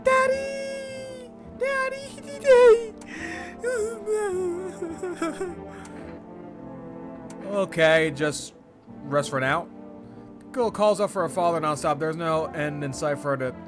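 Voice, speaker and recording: Gamer guy, bit high voice, lively and jokey, faint music behind. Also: moderate pace. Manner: animated, jokey, loud outbursts. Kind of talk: casual gameplay commentary.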